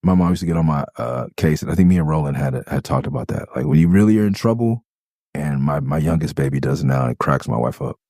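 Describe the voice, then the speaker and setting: A middle-aged man talks through the story behind his own song, rambling and laughing. He slips into playful character voices along the way. His voice sits low and mellow, recorded dry and close. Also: animated, fast talker, dry recording. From Los Angeles. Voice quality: calls his own voice high pitched. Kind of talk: casual storytelling commentary.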